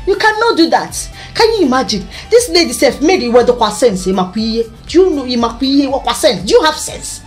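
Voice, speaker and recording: A woman's voice: sits high, big pitch swings, measured pace, hardly any pauses, soft background music. A Nigerian woman hosting a news commentary show, ranting with exasperation, firing off rhetorical questions and mixing in Igbo phrases.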